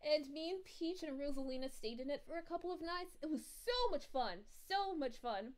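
A bubbly, giggly young princess, voiced by a woman, answers her livestream chat in character. Her voice sits high and swoops up and down, and she coos sweetly at each viewer. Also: animated, moderate pace. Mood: chatty. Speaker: VTuber streamer.

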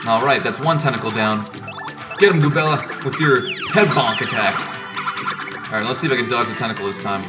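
A man's voice: mid-range voice, a little fast. A man casually commenting as he plays a video game, offhand and joking. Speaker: let's player. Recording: distant mic with loud game music.

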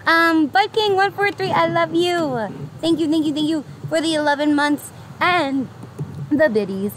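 A young woman with a New York accent chats upbeat and bubbly with her viewers, her voice sitting high. She is streaming outdoors by the water, and loud ambience with passing traffic runs under her. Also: unhurried. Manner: bubbly, upbeat, greets chatters by name, laughs often. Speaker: livestreamer. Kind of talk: casual live-stream chat with viewers.

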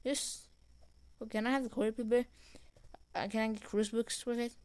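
Excitable woman narrating a game. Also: a little high, moderate pace, clear, resonant tone. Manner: reads game dialogue aloud, excitable. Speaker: gamer. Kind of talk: gameplay commentary.

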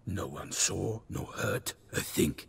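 Proud video game knight, animated pitch, declamatory, eager. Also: male voice, takes it slowly, gravelly, husky, heavily acted. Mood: grave.

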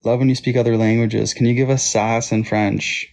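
A man's voice: mid-range voice, little pitch movement, normal speed, creaky, a little mellow. A man with a Toronto Canadian accent, chatting casually on a live stream and thanking viewers by name. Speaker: livestream host.

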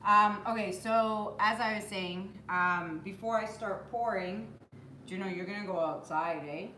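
A woman's voice: mid-range voice, measured pace, pushed and bright, roomy sound, a little hiss or hum. A woman hosting a live stream from home, chatting casually, greeting viewers by name and cooing at her puppy. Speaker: acrylic pour artist hosting a live stream. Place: home room with the door closed.

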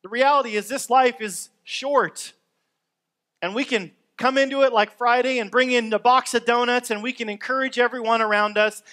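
High-voiced man preaching casually. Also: sharp tone. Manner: conversational, upbeat preaching with acted-out everyday complaints. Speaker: pastor. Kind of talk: sermon.

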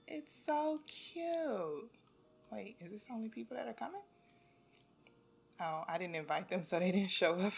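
A young woman giving casual gameplay commentary, talking to the game characters and grumbling at them when they are too slow. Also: on the low side. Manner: animated, talks to the game characters, exasperated asides. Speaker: gameplay video host. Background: faint background music.

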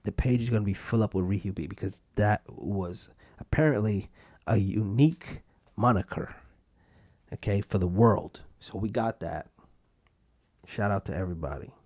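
A man's voice: on the low side, normal speed, a little mellow, no echo. A man hosting a podcast, talking in a rambling, self-mocking solo rant. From United States. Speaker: podcast host. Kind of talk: casual solo podcast monologue.

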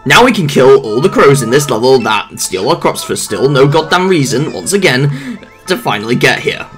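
A young man talks through a platform game in loose, rambling commentary. His pitch swings widely from low mutters to high yelps, and he peppers everything with swearing and silly asides. Quiet game music plays behind him. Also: big pitch swings, normal speed. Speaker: gameplay commentator. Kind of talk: casual let's play commentary.

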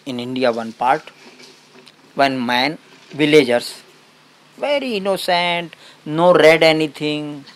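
A man as a spiritual teacher, giving a satsang talk and telling a story in simple, broken English with short, halting phrases. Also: a little high, steady tone.

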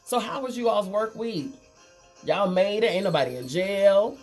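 A woman's voice: medium pitch, animated, normal speed, darkish tone. Chatty woman livestreaming. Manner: chatty, reads viewer comments aloud, calls them girl and honey. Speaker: livestream makeup host. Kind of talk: casual livestream chat. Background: faint Christmas music.

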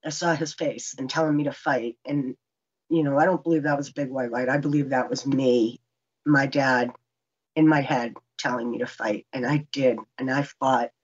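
A woman's voice: very deep voice, fairly even intonation, normal speed, husky, muffled recording. A woman in her fifties telling her own survival story earnestly, acting out what people said to her. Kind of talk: personal testimony.

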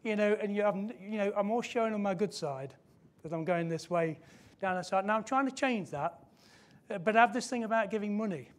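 This high-voiced preacher delivers his church sermon emphatically, returning again and again to his main phrases. To drive a point home, he deliberately slows his delivery.

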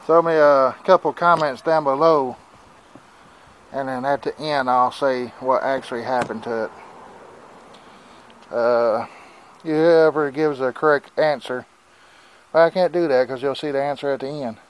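Filming outdoors in his yard on a phone camera, a vlogger chats casually with viewers in a folksy, rambling way, sounding a bit out of breath. His mid-range voice is unhurried and full of pauses, and the poor audio carries slight background noise.

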